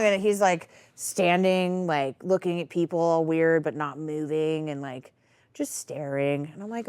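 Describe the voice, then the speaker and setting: A woman hosting a podcast, telling a work story in casual chat, animated and swearing freely, often laughing. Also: lowish voice, moderate pace, no room sound. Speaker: podcast host.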